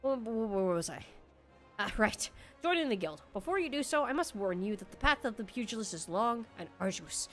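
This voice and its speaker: A woman voicing a gruff male guildmaster as she reads game dialogue aloud on a stream, pushing her voice down to sound rougher. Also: fairly high pitch, very animated, moderate pace, a bit bright, faint music behind. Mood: instructive. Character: gruff male guildmaster, brusque then welcoming.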